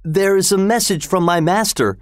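Man voicing eager young male servant, pitched high, yelling, storybook. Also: moderate pace, no room sound, studio quality, lightly acted. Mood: excited shouting.

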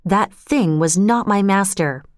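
A woman's voice: medium pitch, a little slow, clear, resonant tone, dry recording, studio quality, lightly acted. A woman voicing a loyal, anxious middle-aged male butler who speaks earnestly and pleads.

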